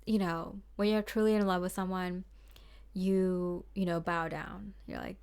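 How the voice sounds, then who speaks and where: A woman's voice: fairly low pitch, steady tone, measured pace, a little mellow, smooth. A young woman giving a casual tarot reading, rambling and chatty, with lots of fillers and small laughs. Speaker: tarot card reader.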